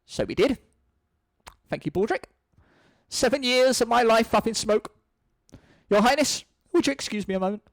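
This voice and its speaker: A man's voice: extremely high pitch, normal speed, pauses often, dry recording, voice pushed up. A man reading a screenplay aloud, voicing a sardonic, scheming male butler with a dry, exasperated manner. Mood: sarcastic. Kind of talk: screenplay read-through.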